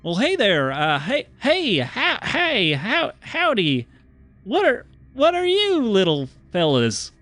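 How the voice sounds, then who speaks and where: A man's voice: high voice, wildly swooping pitch, takes it slowly, fairly bright tone, soft background music, pitched above the performer's own voice, full character voice. A man voicing a folksy blond stranger who seems friendly but shady, drawling and hesitant.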